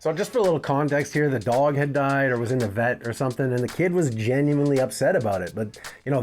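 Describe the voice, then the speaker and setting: Man, commentator, fast, scornful, faint music behind. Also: mid-range voice, a little mellow. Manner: scornful, blunt. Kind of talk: commentary on clips.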